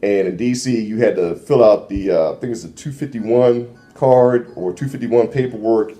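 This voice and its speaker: Middle-aged man, ex-cop guest, animated storyteller, mellow low-key tone, faint music underneath. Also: moderate pace. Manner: animated, acts out voices in his stories. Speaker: interview guest, former transit police officer. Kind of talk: casual storytelling.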